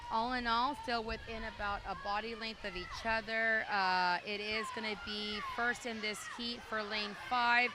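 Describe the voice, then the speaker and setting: Chatty woman announcing a swim meet. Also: on the high side. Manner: chatty, with fillers and asides to kids. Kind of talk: live meet announcing over a PA. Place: indoor pool meet. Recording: noisy poolside recording.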